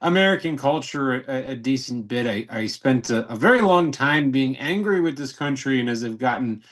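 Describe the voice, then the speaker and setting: Male guest on a video call, mid-pitched, thoughtful and hesitant, restarts a lot. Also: lively intonation, normal speed, a bit bright. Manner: thoughtful, hesitant, repeats words. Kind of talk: casual video call chat.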